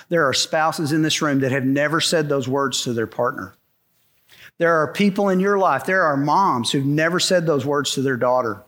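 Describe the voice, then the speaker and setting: A man's voice: a little high, a bit bright. A middle-aged man preaching a sermon to a congregation, in an emphatic style that repeats its key lines. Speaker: pastor. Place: church sanctuary before a congregation.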